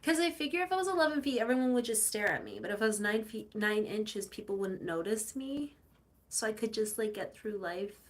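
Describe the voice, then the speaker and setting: A woman's voice: mid-range voice, fairly quick. A young woman hosting a casual live stream, chatting to viewers, answering their comments and telling rambling stories. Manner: animated storytelling with playful quoted voices. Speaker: livestream host.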